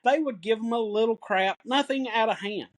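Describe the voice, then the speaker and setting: A middle-aged man with a Tennessee accent tells folksy, excited stories on a casual podcast. His voice sits high for a man. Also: normal speed. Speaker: podcast co-host. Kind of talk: casual sports podcast chat.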